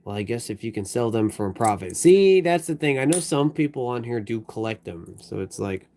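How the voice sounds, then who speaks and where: A man's voice: mid-range voice, lively intonation, a little fast, dark tone. A man hosting a livestream while sorting coins, chatting in a loose, rambling way full of fillers and frequent laughs. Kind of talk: casual chat. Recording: music playing behind.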